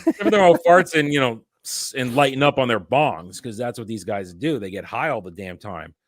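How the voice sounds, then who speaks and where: Medium-pitched and speaking at a normal pace, a man hosts a laid-back commentary chat. He rants in an animated way, often starting his thoughts over.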